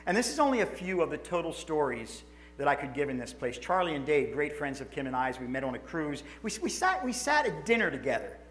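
This is a man, a pastor speaking from the pulpit in a slightly higher-than-usual male voice. He tells stories with emotion and animation, acts out the other people in them, and often doubles back on his words. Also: brisk, soft background music. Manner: animated, emotional storytelling with restarts and acted-out quotes. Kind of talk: sermon storytelling.

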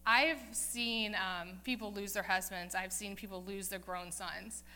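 Bright-voiced woman telling a Bible story. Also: mid-range voice, steady tone, a little slow. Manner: chatty, acts out the characters' lines with "like". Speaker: Bible teacher. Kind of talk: casual Bible-story sermon.

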